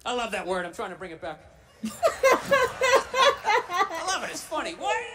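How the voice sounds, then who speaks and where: A man doing a stand-up comedy routine, ranting loudly and shouting his punchlines. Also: sits high, big pitch swings, normal speed, distant mic, very noisy.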